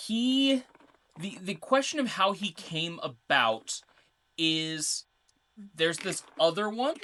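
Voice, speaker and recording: A woman's voice: fairly low pitch, expressive, slow, fairly bright tone. A woman co-hosting a podcast, explaining game lore in a chatty, casual way with lots of fillers. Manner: chatty, reads notes, filler-heavy. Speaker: podcast co-host.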